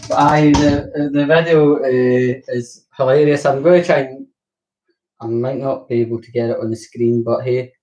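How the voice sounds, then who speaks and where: A man's voice: mid-range voice, fairly even intonation, normal speed, darkish tone. Man, Glaswegian accent, casual vlog chat, rambling and sweary, distant from mic, roomy echo. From Glasgow, Scotland. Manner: rambling, swearing, laughs often. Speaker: vlogger.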